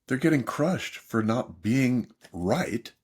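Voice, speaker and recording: An older man with a husky voice talks in an animated, emphatic way. He tells stories as a guest on a podcast and leans hard into his points. His pitch sits in the middle range. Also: takes it slowly. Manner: animated, emphatic storyteller, mimics others in quotes. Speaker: therapist and author guest. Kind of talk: podcast interview, storytelling.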